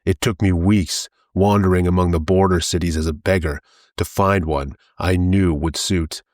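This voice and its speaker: A man's voice: low voice, steady tone, moderate pace, a little mellow, no room sound, studio quality, close to an everyday voice. A man doing a fat bragging rogue. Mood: boastful. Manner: blustering, mocking. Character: fat boastful middle-aged male rogue, jeering.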